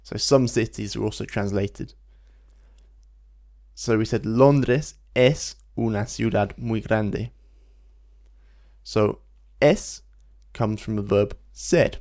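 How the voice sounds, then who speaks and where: A man, teaching a Spanish lesson in a relaxed podcast style, explaining patiently and slowing down to model phrases. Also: on the low side. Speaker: language teacher.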